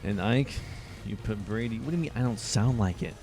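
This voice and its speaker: A young man doing live play-by-play for a video football game, keeping his excitement quiet so as not to wake his housemates. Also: lowish voice, a little fast, music in the background. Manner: holding back his volume, hyped but quiet. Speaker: play-by-play commentator. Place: shared house at night.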